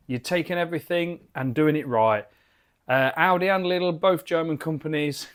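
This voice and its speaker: A man's voice: fairly high pitch, expressive, slow, long pauses, a bit bright. A British man giving a chatty, enthusiastic and rambling beer review from his garden cabin bar. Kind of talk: casual video review.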